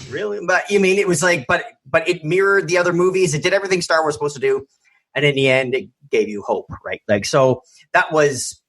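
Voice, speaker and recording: A man hosting a podcast round table, talking in a meandering, casual way. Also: fairly high pitch. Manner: meandering, lively questions. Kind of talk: casual chat.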